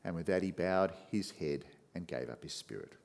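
A man's voice: lively intonation, moderate pace, vocal fry. Man preaching with dramatic swings in volume. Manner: dynamic, swinging from loud emphatic rises to hushed low passages. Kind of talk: sermon.

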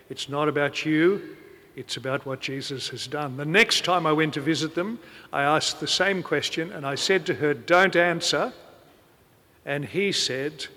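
A man's voice: on the high side, moderate pace, pushed and bright, in a large hall. A middle-aged man preaching a sermon, telling stories and quoting the people in them. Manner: storytelling, quoting people in anecdotes.

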